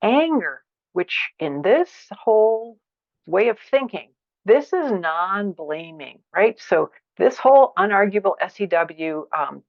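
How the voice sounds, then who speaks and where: A woman giving a workshop lecture, expressive, acting out feelings with sighs and exclamations. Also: lowish voice, gravelly, dry recording, muffled recording. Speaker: teacher of a conflict practice.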